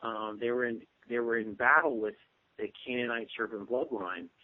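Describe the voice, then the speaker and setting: A man who is a guest on a radio show, explaining at length in a steady, lecturing way with frequent ums. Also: mid-range voice, normal speed. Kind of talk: casual radio interview talk. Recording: dry tinny phone-line sound.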